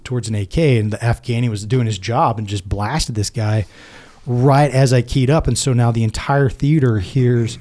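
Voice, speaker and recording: A middle-aged man, a former Navy SEAL, telling stories casually and acting out the quoted lines in a lively way. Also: medium pitch, normal speed. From United States. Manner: animated, acts out quoted dialogue. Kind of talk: casual storytelling.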